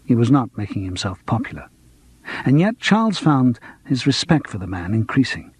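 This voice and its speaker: A man reading a mystery audiobook in a measured, wry manner. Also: mid-range voice, big pitch swings, breathy edge. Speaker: audiobook narrator. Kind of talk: scripted narration. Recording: dry close studio.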